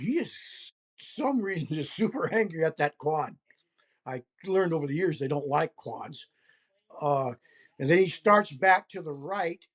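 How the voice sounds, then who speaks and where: A man who is an interview guest, telling a first-person story deliberately and acting out gestures as he describes them. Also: high voice. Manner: deliberate, acts out gestures as he narrates. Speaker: interview guest recounting a hunting encounter.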